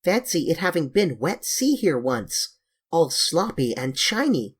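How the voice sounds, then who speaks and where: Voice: medium pitch, sing-song, unhurried, slightly rough. An audiobook reader voicing a timid, imaginative little girl with a raised, wondering tone. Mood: dreamy.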